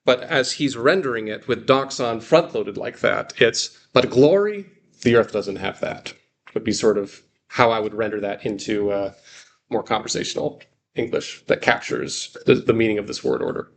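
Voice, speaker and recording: A man's voice: lowish voice, moderate pace, vocal fry, slight background noise. A man leading a guided reading class, explaining step by step with frequent fillers and restarts. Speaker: Greek teacher.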